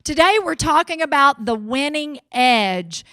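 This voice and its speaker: A woman from Mississippi with a Southern accent, giving an energetic, folksy motivational keynote on a stage mic. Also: sits high, unhurried, dry recording. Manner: energetic, folksy, cheering the crowd on. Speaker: motivational speaker. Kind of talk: keynote speech to a live audience.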